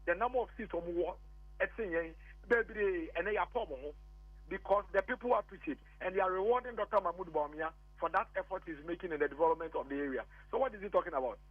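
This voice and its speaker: A Ghanaian man with a high voice argues politics as a guest on a radio phone-in, insistently repeating his points and switching between English and Twi. The heated exchange comes through a tinny, dry phone line with no echo.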